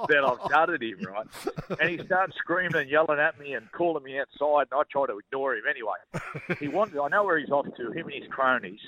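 A man's voice: mid-range voice, fairly bright tone. A middle-aged Australian man, a former rugby league player, telling stories as a radio guest in a colloquial, chuckling way, stumbling over and repeating words. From Newcastle, Australia. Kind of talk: casual radio interview storytelling. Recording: dull, muffled broadcast audio.

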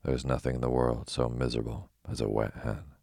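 A man voicing a proud, fussy yellow hen in a storybook reading, prim and easily offended. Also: rumbling low, little pitch movement, fairly quick, creaky, dry recording, studio quality, exaggerated voice.

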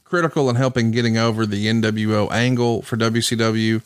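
A male podcast host with a smooth, resonant voice at a middle pitch. He adds short interjections and moves the talk to new topics. The recording is dry and close. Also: steady tone, brisk, no echo. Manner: brief interjections, steers the conversation. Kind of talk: casual podcast chat.

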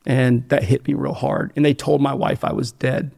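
A man's voice: medium pitch, level tone, normal speed, gravelly, darkish tone. An American man speaking bluntly and profanely, rambling with fillers and restarts as he tells his story in an interview. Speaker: guest telling his addiction story.

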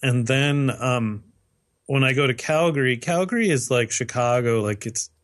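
A man's voice: mid-range voice, moderate pace. Rambling casual man podcaster. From lives in western Canada. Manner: rambling, many fillers and self-corrections. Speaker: podcast co-host. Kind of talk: casual chat.

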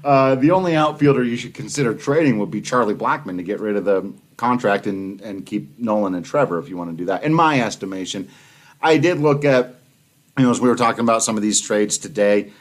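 A man co-hosting a casual sports talk show, analytical and animated, laughing easily. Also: fairly low pitch, a little fast. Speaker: podcast co-host.

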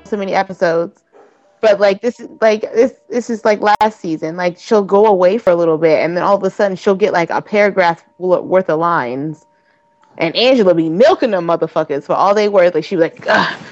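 A woman co-hosting a casual podcast chat, animated and profane, with a constant "like" in her talk. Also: medium pitch, a little fast, dry recording, muffled recording. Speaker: podcast co-host.

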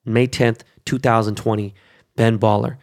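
A man's voice: fairly low pitch, flat delivery, normal speed. A middle-aged man talking in a casual, rambling monologue, swearing a lot and filling his talk with fillers. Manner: profane and emphatic, full of fillers. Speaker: vlogger.

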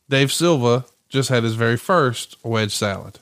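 A man hosting a podcast, chatty and quick to laugh, telling stories in casual conversation. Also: mid-range voice, animated, fairly bright tone. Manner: chatty storyteller, laughs a lot. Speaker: podcast host.

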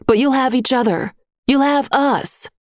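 A woman voicing an anxious, insistent middle-aged neighbor in a storybook reading, speaking fast and pressing. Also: high-pitched, no echo, studio quality, voice pushed up. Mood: urgent.

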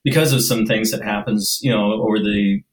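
A man answering as a guest in a casual interview, measured, with frequent hesitations. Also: on the low side, steady tone, rough recording.

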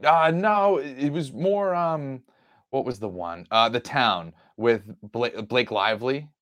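A man with a Boston accent, co-hosting a sports podcast in relaxed casual conversation. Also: medium pitch, unhurried, dry recording. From Boston area. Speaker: podcast co-host.

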